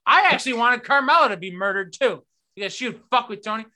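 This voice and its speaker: A man hosting a casual podcast, telling stories with lots of profanity and animated retellings. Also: very high-pitched, quick pace. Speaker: podcast host. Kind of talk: casual sports podcast chat.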